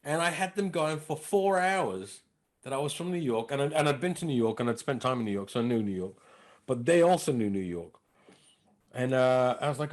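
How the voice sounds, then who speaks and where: A man with a London accent, a comedian guest on a podcast, rambling through stories in a lively way. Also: a little high, quick pace. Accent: English, London. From England. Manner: animated, rambling storyteller. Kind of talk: podcast conversation.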